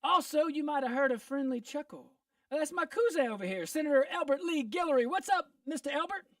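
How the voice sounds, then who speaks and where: A man hosting a casual radio talk show, upbeat and joking with quick asides. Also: very high-pitched, expressive, fairly bright tone, dry recording, studio quality, distant mic. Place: radio studio.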